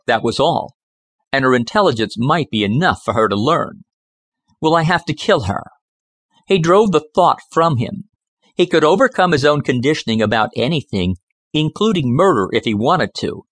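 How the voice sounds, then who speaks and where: A man narrating an audiobook in a measured, expressive storytelling style on a close studio mic. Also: mid-range voice, no room sound. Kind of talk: scripted narration.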